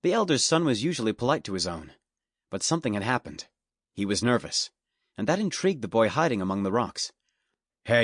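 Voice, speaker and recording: Steady and measured, a man narrates a fantasy story from a script. His fairly low voice comes through a studio microphone with no echo and clean studio sound.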